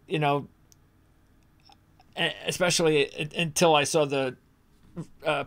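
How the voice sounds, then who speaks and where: A man co-hosting a golf betting podcast, opinionated and rambling, with frequent restarts and fillers. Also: a little high. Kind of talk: casual sports chat.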